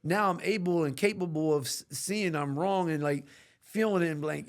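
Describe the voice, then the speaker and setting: Guy with a gravelly, slightly high voice, talking straight and streetwise on a podcast about getting sober, cusses a lot. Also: normal speed. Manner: earnest, animated, streetwise speech with slang and cussing. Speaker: podcast guest. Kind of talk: candid recovery storytelling.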